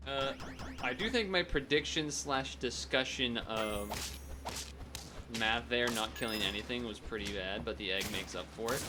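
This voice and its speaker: A man's voice: medium pitch, normal speed, noisy background. A man streaming a strategy game, chatting casually and thinking aloud, often restarting his sentences. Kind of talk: casual gameplay commentary.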